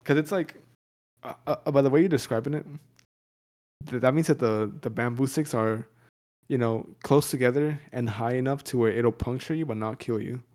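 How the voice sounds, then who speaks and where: A man co-hosts a podcast at normal speed in a darkish voice, trading crude, casual banter. He laughs a lot, jokes loosely and slips into silly high voices.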